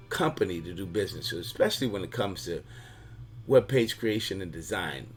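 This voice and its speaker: A man's voice: medium pitch, husky. A man hosting a video, giving a casual, humorous explainer full of analogies. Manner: chatty, talks in analogies. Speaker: video host.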